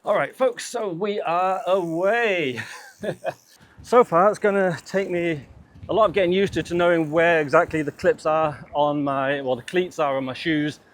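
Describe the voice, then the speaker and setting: A man's voice: a little high, moderate pace, slight background noise. A man vlogging outdoors on a bike trail, chatting casually and laughing often between remarks. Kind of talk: casual chat while riding.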